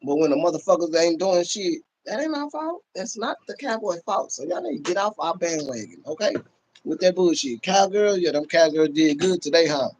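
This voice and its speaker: A man with a Texas accent hosting his live stream, boasting and trash-talking in a loud, laughing rant. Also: on the high side, animated, fairly quick, poor audio. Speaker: channel host.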